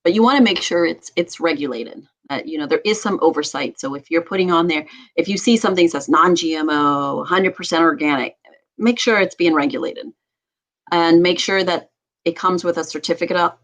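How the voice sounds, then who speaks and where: A woman doctor hosting a health talk show, speaking with a somewhat low voice. She talks with animated passion and laughs often. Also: brisk, rough recording. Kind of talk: casual talk show chat.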